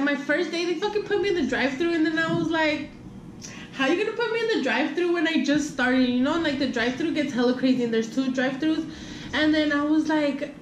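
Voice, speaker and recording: A young adult woman vlogger telling a rambling storytime while eating, full of fillers and frequent swearing. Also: high-pitched. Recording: echoey room, faint background hum.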